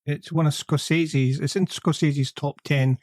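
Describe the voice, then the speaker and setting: A man's voice: a little high, fairly even intonation, unhurried, a little mellow, no echo. A man co-hosting a podcast, chatting casually about films, tentative and often ending his points with a question. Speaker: podcast co-host. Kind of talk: casual film chat.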